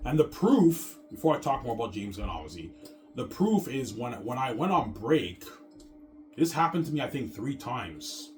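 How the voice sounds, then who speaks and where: A man's voice: medium pitch, big pitch swings, normal speed, faint music behind. A man in a casual rant to his viewers, rambling and stammering, repeating the same filler words and swearing often. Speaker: vlogger.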